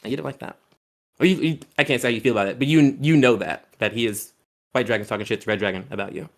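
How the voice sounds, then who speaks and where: A man runs a tabletop game in a loose, rambling way, full of pauses and fillers. His voice is mid-pitched and casual, and he is quick to slip into joking. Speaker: game master.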